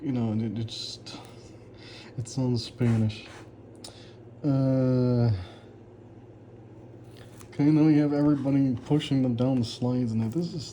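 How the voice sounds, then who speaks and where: A man's voice: medium pitch, mellow, a little hiss or hum. A man in casual commentary, reacting sarcastically to his own old writing, mocking it and laughing often. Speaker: author reviewing his old story.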